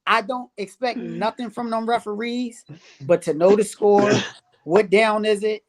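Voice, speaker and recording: A man, a referee guest on a casual podcast, telling stories in an animated, exasperated way and laughing through them. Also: high voice, unhurried. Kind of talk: casual storytelling chat.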